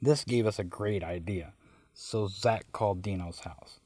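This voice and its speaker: A man's voice: fairly low pitch, measured pace, warm tone, no echo, studio quality. A man narrating a personal story in a wry, conversational way.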